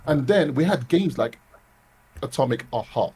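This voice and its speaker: A man co-hosting a casual gaming chat, arguing his point in an animated way. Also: mid-range voice, normal speed, breathy edge. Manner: argumentative, animated. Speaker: co-host.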